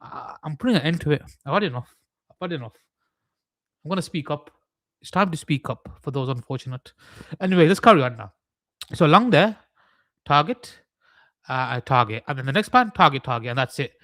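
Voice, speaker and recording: Man, trading streamer, higher-pitched voice, dry close sound, rambling mock-serious jokes. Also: lively intonation, brisk, fairly bright tone, dry recording. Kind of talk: live stream chart analysis.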